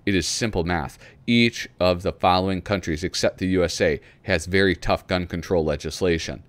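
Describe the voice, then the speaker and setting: Casual male host, low pitch, dry close mic, chuckly rambling commentary. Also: dry recording. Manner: chuckling, rambling, reads letters aloud slowly. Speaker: host flipping through a magazine. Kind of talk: casual commentary reading aloud.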